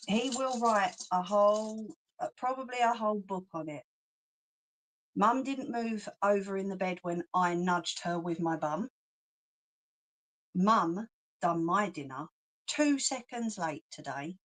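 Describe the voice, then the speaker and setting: A woman's voice: medium pitch, measured pace. Chatty London woman on a livestream. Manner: chatty, laughs often, cheeky slang. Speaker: craft channel host. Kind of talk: casual livestream chat, reading comments.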